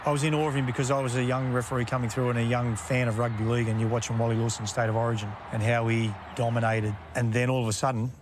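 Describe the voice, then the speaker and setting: Older man, casual storyteller, chuckling, mid pitch, faint hiss in the background. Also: flat delivery, very fast, hardly any pauses. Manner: laid-back yarn-spinner, acts out quotes, chuckles. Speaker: former referee, interview guest.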